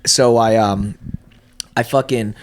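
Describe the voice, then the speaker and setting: A man's voice: lowish voice, slow pace, noisy background. A young man on a podcast, telling stories in casual chat with a lot of swearing and restarts. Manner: profane, animated storyteller who uses many restarts.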